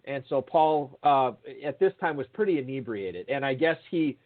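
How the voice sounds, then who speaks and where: A man's voice: medium pitch, expressive, moderate pace. A man telling a long, rambling anecdote in casual chat, full of fillers and restarts. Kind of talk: casual anecdote over a call. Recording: tinny phone-line audio.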